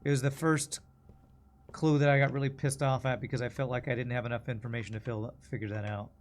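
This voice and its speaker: A man's voice: mid-range voice, little pitch movement, fast talker. American man musing through a game. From United States. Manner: thinking aloud, rambling and musing. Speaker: streamer playing a video game. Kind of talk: casual gameplay commentary.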